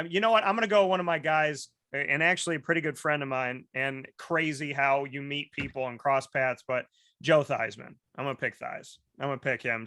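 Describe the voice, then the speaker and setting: A man hosting a casual talk show, telling stories in an animated way and acting out the voices of the people in them. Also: mid-range voice, dry recording, studio quality. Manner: animated storyteller, acts out quoted voices, many restarts. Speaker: host. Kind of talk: casual storytelling chat.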